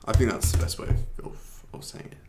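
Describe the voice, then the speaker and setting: A British English teacher gives a casual language lesson in a brisk, darkish voice, with faint music behind him and a roomy echo. He is chatty and self-deprecating, laughing at himself and often restarting sentences while searching for the right words.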